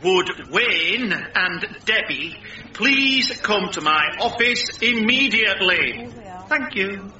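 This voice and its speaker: An actor playing a pompous, stern boss making an office announcement, on a dull lo-fi recording. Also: male voice, high voice, expressive, slow pace, pushed and bright, roomy sound, recorded from a distance, soft background music, full character voice.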